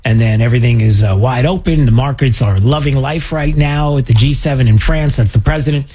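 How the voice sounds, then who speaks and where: Chatty, husky-voiced male radio host. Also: brisk, mellow. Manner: chatty, sarcastic, breaks into mocking high voices. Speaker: radio talk show host. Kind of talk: casual political talk radio.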